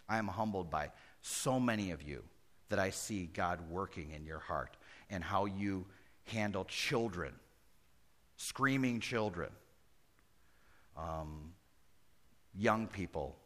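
A middle-aged pastor preaching a conversational sermon that rises to emphatic peaks. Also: male voice, low voice, fairly bright tone.

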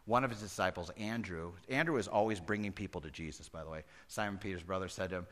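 Man, pastor, bright tone; lively verse-by-verse preaching that drops to quiet asides. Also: on the low side, quick pace, hardly any pauses. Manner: animated, swings between loud and hushed; acts out Bible characters conversationally. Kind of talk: expository sermon.

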